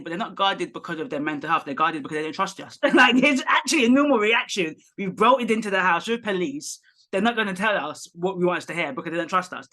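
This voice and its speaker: Bright, lively woman psychotherapist. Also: deep voice. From Nigerian heritage. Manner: lively, expressive, explains with examples. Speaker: psychotherapist guest. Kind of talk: podcast interview.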